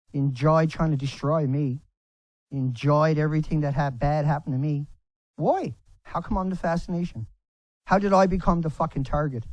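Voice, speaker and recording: A man delivering a furious, profanity-laden rant to camera, breaking into shouts. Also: a little high, steady tone, normal speed, no room sound, poor audio. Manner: furious, swearing, shouting in bursts.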